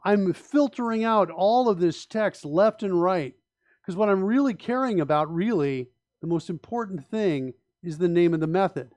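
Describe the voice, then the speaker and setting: A man's voice: sits high, lively intonation, normal speed, darkish tone, no room sound. A man hosting a live coding stream, thinking aloud in an emphatic, opinionated way with frequent restarts and rhetorical questions. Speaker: host and software developer.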